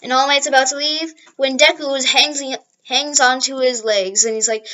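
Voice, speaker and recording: High-voiced woman rambling through a fan story. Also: steady tone, normal speed, fairly bright tone, highs cut off, a little hiss or hum. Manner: rambling, with frequent restarts and apologies. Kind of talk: casual improvised fan-story narration.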